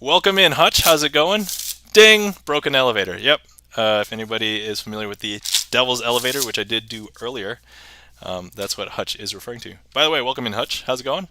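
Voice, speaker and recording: A man's voice: medium pitch, quick pace, pushed and bright. A man hosting a casual livestream magic show, chatting, reading viewer messages aloud and chuckling often.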